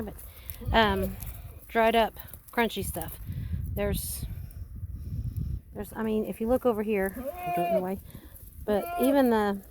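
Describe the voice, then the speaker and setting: A woman with a fairly high voice talks her way around a homestead, chatty and rambling but matter-of-fact. She records outdoors on a handheld phone while giving a casual walking tour of her land and animals. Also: darkish tone, a little hiss or hum. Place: outdoors on a farm among animals.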